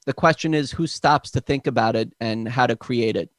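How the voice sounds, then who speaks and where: A man's voice: mid-range voice, normal speed, dry recording. A man on an inventors' panel, speaking directly and matter-of-factly. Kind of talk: casual panel talk.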